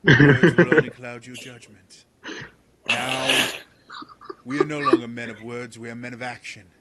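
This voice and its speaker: Pompous self-appointed protector, played by a man: grand, slow speech. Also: medium pitch, expressive, fairly bright tone. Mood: grandly pompous. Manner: grandiose, declaiming. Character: pompous self-important male guard captain.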